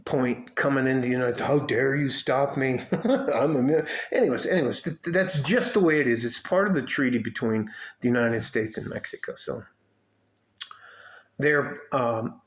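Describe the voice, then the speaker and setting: A man from Detroit telling a story in a casual vlog rant, swearing often and rambling with many fillers and restarts. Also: mid-range voice. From Highland Park, Detroit. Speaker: vlogger.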